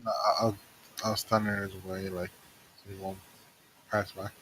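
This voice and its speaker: Low, bright-toned man playing a tabletop game. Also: flat delivery, measured pace, a little hiss or hum, poor audio. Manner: hesitant, stumbling starts. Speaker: player. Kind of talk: tabletop role-play.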